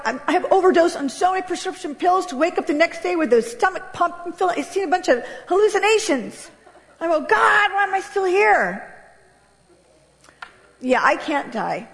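Woman, high voice, animated and candid church testimony, long hall reverb. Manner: animated, candid, laughing often. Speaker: guest speaker giving testimony.

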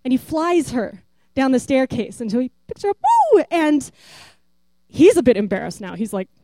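A woman telling a rambling, animated testimony story and acting out the voices of the people in it. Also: high voice, fairly quick, dry recording. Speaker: church member giving a testimony.

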